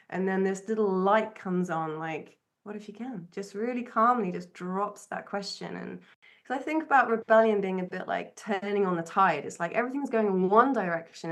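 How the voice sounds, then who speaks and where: A woman co-hosting a podcast, recalling a personal story in an earnest, reflective way. Her voice sits at an ordinary middle pitch. She often stops and restarts her sentences as she works through her thoughts. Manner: earnest, searching, with frequent restarts. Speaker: podcast co-host.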